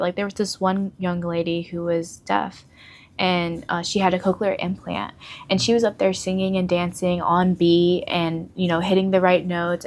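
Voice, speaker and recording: This is a young woman in her twenties from the Mississippi Gulf Coast, a guest on a casual podcast. She speaks in a slightly low voice. Her talk is chatty and giggly, loose and full of fillers. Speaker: guest, local news reporter.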